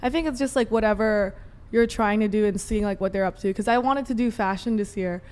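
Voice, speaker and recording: A woman's voice: medium pitch, brisk, darkish tone. A woman guest on a talk stream, rambling casually and filling with "like" a lot. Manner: rambling, heavy use of "like". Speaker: guest, content creator. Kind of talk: casual panel chat.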